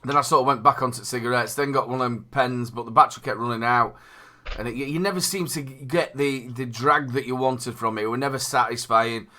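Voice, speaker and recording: Northern English male host, bright forceful tone, loose chatty delivery. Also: medium pitch, a little fast. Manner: chatty, laughs readily, repeats words. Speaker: podcast host. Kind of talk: casual chat.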